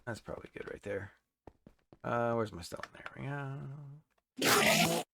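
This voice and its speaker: A man's voice: mid-range voice, slow pace, vocal fry. A man giving casual, rambling commentary while playing a building game, chatting to the creatures on screen. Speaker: game streamer. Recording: loud background noise.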